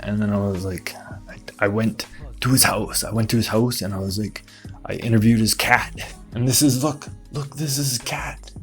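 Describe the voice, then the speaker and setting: A man hosting a comedy show, rambling through a conspiracy-style monologue full of fillers and quick put-on voices for other people. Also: on the low side, steady tone, soft background music.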